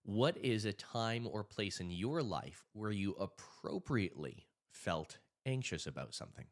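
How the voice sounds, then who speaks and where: Animated, low-voiced male storyteller. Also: unhurried. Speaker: hypnotist and anxiety coach. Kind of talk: casual storytelling and advice to camera.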